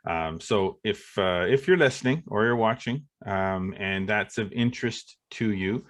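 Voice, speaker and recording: A man's voice: fairly low pitch, unhurried. A man from Eastern Ontario co-hosting a casual golf podcast, rambling with lots of fillers and an upbeat tone. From Eastern Ontario, Canada. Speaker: podcast co-host.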